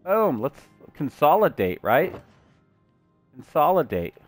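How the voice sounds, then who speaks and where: A man's voice: fairly low pitch, lively intonation, moderate pace, soft background music. A man streaming gameplay live, chatting to his viewers and cracking puns as he plays. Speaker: gaming streamer.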